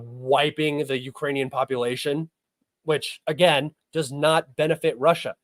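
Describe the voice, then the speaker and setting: With a voice on the high side, the young live-stream host takes chat questions and answers them bluntly and argumentatively, sometimes swearing, in heated commentary. There's no room sound, but the recording quality is low.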